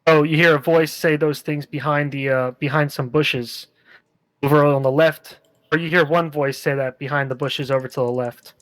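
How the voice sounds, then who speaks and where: A man narrating a tabletop game as game master, in a relaxed, rambling way with many fillers. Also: a little high, normal speed, no room sound, rough recording.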